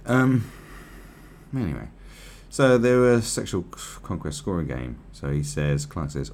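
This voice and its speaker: A man's voice: sits low, expressive, measured pace, a little mellow. A man giving profane, rambling, sarcastic commentary on a news article.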